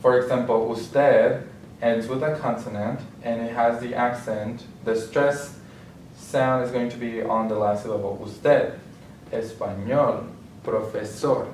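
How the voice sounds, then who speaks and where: Guy explaining a lesson step by step, mid pitch, bit far from the mic, faint room hum. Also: steady tone, darkish tone. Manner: slow, explanatory, with frequent restarts. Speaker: Spanish teacher. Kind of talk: classroom-style lecture. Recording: roomy and distant with faint ambience.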